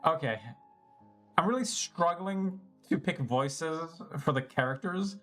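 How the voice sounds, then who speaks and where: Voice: medium pitch, slow pace. Rambling, self-mocking streamer over game music. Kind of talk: casual live-stream commentary.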